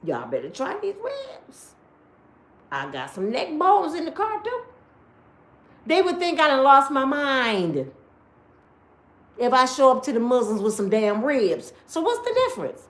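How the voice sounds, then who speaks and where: Woman, live-stream host. High, swooping voice. Blunt, cussing storyteller. Recorded at home in an echoey room. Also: unhurried. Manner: blunt, profane, animated storytelling. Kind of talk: casual live-stream chat.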